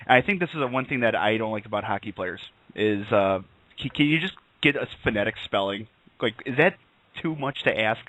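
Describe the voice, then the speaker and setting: A man's voice: fairly low pitch, lively intonation, brisk, bright, forceful tone, no room sound, poor audio. A man co-hosting an online radio talk show, chatting casually and rambling with laughs. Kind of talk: casual chat.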